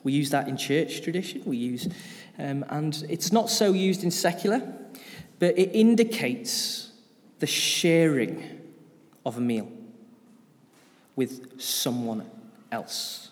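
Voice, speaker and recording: A man's voice: fairly high pitch, sing-song, slow, pauses often, in a large hall. A man preaching an informal sermon in a church, chatty and often putting questions to the congregation.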